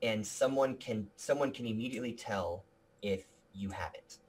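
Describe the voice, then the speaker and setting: A man's voice: lowish voice, moderate pace. A man being interviewed about his video production company, talking with energy and earnestness, often restarting his sentences. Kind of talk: casual interview talk.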